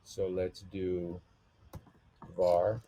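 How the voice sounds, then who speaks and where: A man's voice: low voice, flat delivery, very slow, mellow, a little hiss or hum. A man narrating a screen-recorded web design tutorial, thinking aloud as he clicks through menus and settings.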